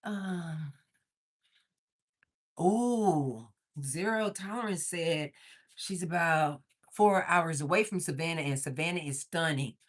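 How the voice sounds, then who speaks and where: A woman's voice: sits low, slow pace, long pauses. A woman from Missouri hosting a casual livestream, chatting, reading viewer comments aloud and laughing often, a little out of breath from moving around. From Missouri, USA. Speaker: livestream host.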